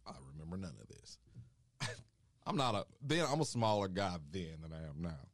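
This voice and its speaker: A young man co-hosting a podcast, telling a story in a casual, animated way and acting out the people he quotes. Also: moderate pace, no echo, studio quality. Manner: animated storytelling, acts out quotes with rising pitch. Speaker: podcast co-host.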